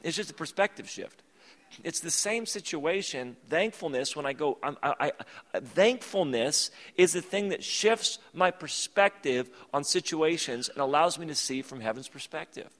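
A pastor preaching a conversational, emphatic sermon that repeats its key phrases. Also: male voice, a little high, expressive, moderate pace, a bit bright. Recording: long reverb of a large hall.

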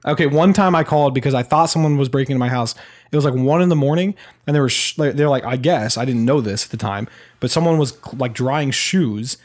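A man's voice: medium pitch, fast talker. A young man casually telling a story, rambling with many fillers and restarts.

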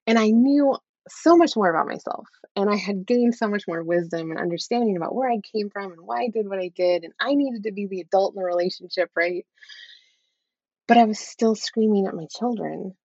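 A woman's voice: mid-range voice, warm tone, husky, dry recording. Candid woman telling her story. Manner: candid, often adds "right?". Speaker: guest. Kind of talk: personal story in an interview. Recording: dull, dry, lo-fi sound.

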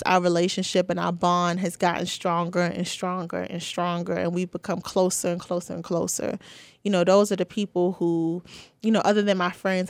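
A woman's voice: on the low side, no echo. Chatty young woman. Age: 20s. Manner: chatty, heartfelt, with many fillers. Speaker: podcast host. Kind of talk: casual personal monologue.

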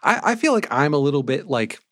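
A man's voice: a little high, big pitch swings, fast talker, a bit bright, dry recording, studio quality. A man co-hosting a film podcast, speaking casually, with lots of "like" and "um" and easy laughter. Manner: hesitant, many fillers, laughs easily. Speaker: podcast co-host.

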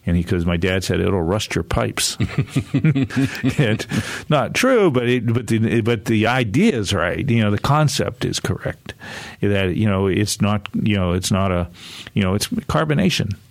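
An older man in his sixties speaks in a low, gravelly voice, recorded close and dry with no room sound. As an author, he tells stories in a loose, conversational way, chuckling often and restarting his sentences as he goes. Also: lively intonation, unhurried, dry recording. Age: 60s. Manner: rambling, chuckling, many restarts. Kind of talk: casual conversational storytelling.

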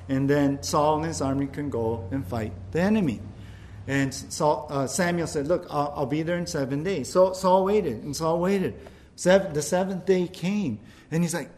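A man preaching a sermon in a casual, conversational way, often asking "right?" and acting out quoted voices. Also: fairly high pitch. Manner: repeats words, frequent "right?" asides. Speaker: pastor.

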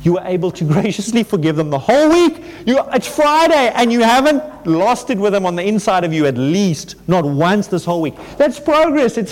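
A male pastor preaching a conversational sermon, animated and full of restarts, acting out the voices people use with themselves. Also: high-pitched, moderate pace, hardly any pauses. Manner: animated, acts out quoted inner voices. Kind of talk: sermon to a congregation.

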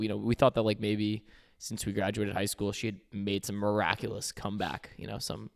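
A man's voice: fairly low pitch, a little fast, creaky. A young man co-hosting a podcast in casual chat, rambling with fillers and restarts. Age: young adult. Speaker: podcast co-host.

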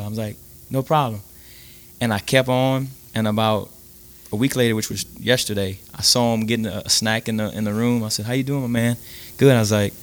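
A man guest on a faith podcast, telling stories in a lively, halting way with many restarts. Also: lowish voice. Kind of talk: casual storytelling.

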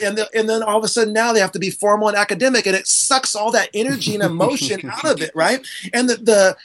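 A man's voice: high-pitched, fairly bright tone. Passionate, emphatic man. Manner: passionate, emphatic, gesturing while talking. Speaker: guest, author and speaker on teaching. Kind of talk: animated podcast conversation.

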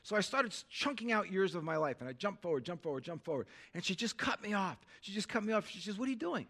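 Bright-voiced preacher man, high and animated. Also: quick pace. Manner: animated, swinging from hushed to loud; calls for amens from the crowd. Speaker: pastor. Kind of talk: sermon.

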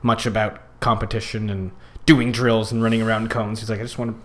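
On a podcast, a youth circus worker chats casually in a lowish, fairly bright voice, level in tone and a little fast. He rambles a lot, leaning on fillers and restarting sentences.

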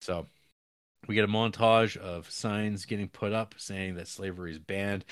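A man with a fairly low voice talks through a film's plot in a loose, rambling way. He fills the talk with fillers and wry, profane asides. The sound is dry and close, with no room around it. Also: steady tone, moderate pace, smooth, no echo. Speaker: podcast co-host. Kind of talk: casual film recap.

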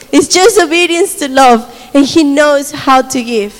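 A woman with a high voice tells a faith testimony as a sermon. Her storytelling is animated, broken by frequent laughter and acted-out quotes. The sound carries a long reverb, as in a large hall. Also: takes it slowly. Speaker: speaker sharing a testimony.

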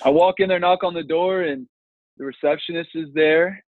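Coach guy in his 30s, animated storyteller doing the voices, kinda high voice, sounds like a phone call, bone dry. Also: normal speed, dry recording. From Texas. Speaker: football coach, former college lineman. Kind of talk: storytelling in a podcast interview. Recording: tinny phone-like line, dry.

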